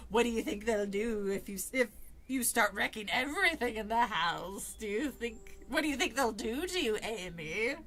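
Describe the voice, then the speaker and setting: A woman voicing a menacing male ventriloquist dummy, slow and threatening, in a storybook reading. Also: a little high, expressive, a bit bright, soft background music.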